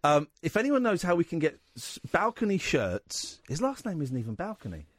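Male radio host, lively storyteller, dry close studio sound. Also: on the high side, normal speed, dry recording. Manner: rambling, animated anecdote-telling with quoted voices. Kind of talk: casual radio chat, storytelling.

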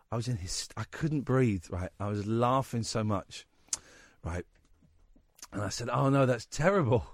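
Male radio host, lively storyteller, dry close studio sound. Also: mid-range voice, husky, no room sound. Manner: rambling, animated anecdote-telling with quoted voices. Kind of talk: casual radio chat, storytelling.

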